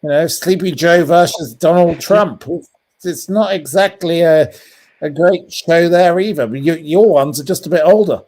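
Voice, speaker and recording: This interview guest, an English journalist with a British accent, speaks at a moderate pace in a fairly high, slightly mellow voice. Joining by call, he delivers cutting, blunt opinions between many ums and false starts.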